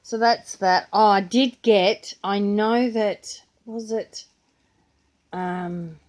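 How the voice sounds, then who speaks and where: A woman's voice: medium pitch, steady tone, extremely slow, darkish tone. An older Australian woman with a grandchild, chatting casually and rambling through her planner and pens in a vlog. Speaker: vlogger. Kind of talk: casual chat.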